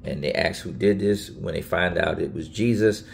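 Gravelly low-voiced man preaching. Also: moderate pace. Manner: earnest, repetitive, emphatic, with many restarts. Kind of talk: casual Bible teaching video.

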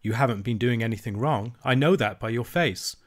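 A man voicing a gentle, wise, ageless fairy grandmother in a storybook reading, speaking tenderly and reassuringly. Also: medium pitch, a little fast, close to an everyday voice.

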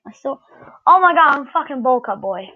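A woman's voice: high-pitched, expressive, moderate pace, lo-fi sound. A woman doing casual game commentary while opening card packs, swearing freely and shrieking whenever a good player shows up. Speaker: gaming video creator.

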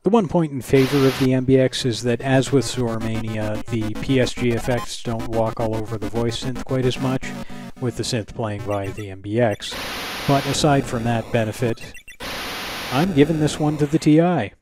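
A man's voice: medium pitch, steady tone, moderate pace, over music. A man hosting a retro computing channel, narrating a scripted review in a dry, wry, analytical way.

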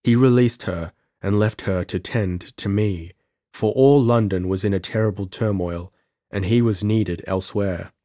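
A man narrating a pulp adventure audiobook in a measured, dramatic first-person delivery. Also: on the low side, warm tone, dry recording, clean studio sound. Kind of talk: scripted narration.

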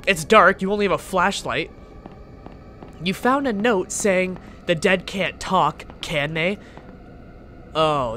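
A man's voice: a little high, bright, forceful tone. A young man commentating a horror game he is playing, joking around, swearing and yelping at the scares. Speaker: gaming channel host.

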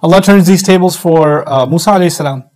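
A middle-aged man giving a sermon-style lecture, animated, acting out quoted voices as he teaches. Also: fairly high pitch, fast, low-quality recording. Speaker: Islamic speaker.

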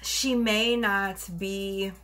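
A woman's voice: medium pitch, steady tone, extremely slow, pushed and bright. A woman giving a casual tarot reading, chatty and rambling, a little out of breath. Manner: chatty, rambling, self-correcting. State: slightly out of breath. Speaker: tarot reader.

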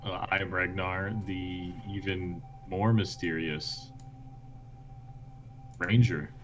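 Very deep, slow, deadpan man. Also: background noise. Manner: deadpan joking. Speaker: player. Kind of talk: casual chat. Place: online video call.

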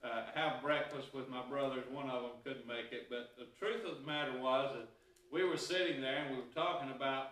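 A man's voice: medium pitch, steady tone, a little fast, fairly bright tone. A man preaching a sermon as pastor, mixing Scripture with folksy, homespun stories from his own life. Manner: folksy storytelling with homespun anecdotes. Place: church sanctuary. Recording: very echoey room, voice heard from a distance.

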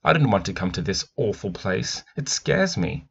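A man's voice: deep voice, very animated, moderate pace, creaky, slightly rough, dull audio, full character voice. A man reading aloud, voicing a timid little girl who pleads with her brother. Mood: fearful. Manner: pleading, fearful.

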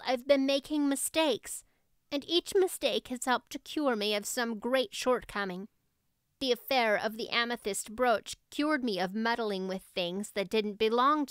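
A woman voicing a spirited, imaginative teenage girl who speaks in an earnest, expressive way. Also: a little high, clean tone, no room sound, studio quality, natural voice.

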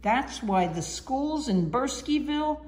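Expressive woman reading a children's story. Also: high-pitched, takes it slowly, slight background noise. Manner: expressive, sing-song. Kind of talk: children's book read-aloud.

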